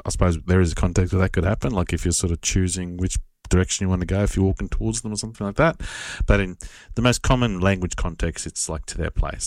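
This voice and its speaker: Low-ish guy teaching a language lesson, slow patient repeats, very dry sound. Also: no room sound. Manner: patient, spells words out, repeats slowly. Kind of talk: casual spoken language lesson.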